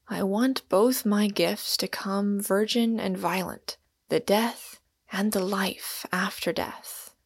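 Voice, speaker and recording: An impassioned, earnest massive young man, as a woman narrator reads him, pressing his case with urgent conviction. His lines come slowly and deliberately, with a gravelly edge to the voice, in a close, dry audiobook reading. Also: mid-range voice, no echo. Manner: urgent, pleading, rhapsodic.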